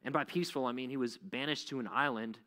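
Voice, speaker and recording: Male youth pastor, casual animated delivery, reverberant hall sound. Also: mid-range voice, fast talker. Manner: conversational, animated, many "like" fillers. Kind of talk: youth sermon.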